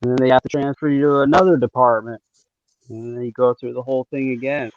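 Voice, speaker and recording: A man's voice: mid-range voice, fairly even intonation, fast talker, dry recording. Laid-back man on a dull dry mic. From Eastern Washington. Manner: easygoing, trailing off and restarting, sarcastic asides. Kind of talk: casual chat.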